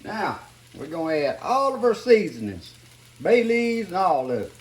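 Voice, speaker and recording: Very animated and high-pitched, an older man speaks at a moderate pace as he cooks at home. In this casual kitchen demonstration he keeps up a folksy chat with viewers, calling them "guys," while pots clatter and something sizzles faintly.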